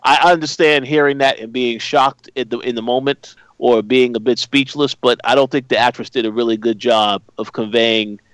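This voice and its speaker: A man giving his take in a casual recap chat, speaking in a measured way with frequent fillers and restarts. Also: mid-range voice, steady tone, a bit bright, clear, resonant tone, no echo, rough recording. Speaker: podcast co-host.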